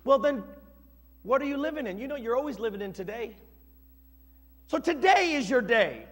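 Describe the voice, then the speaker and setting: A male pastor preaching a sermon in an animated, dramatic way, acting out scenes with shifting voices. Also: very high voice, moderate pace. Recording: long reverb of a church hall.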